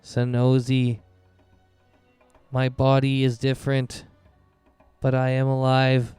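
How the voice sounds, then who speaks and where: A man voicing a soul just awakened in a robot body, speaking in a flat robotic monotone. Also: medium pitch, takes it slowly, clear, resonant tone, no room sound, soft background music, close to an everyday voice. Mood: dazed.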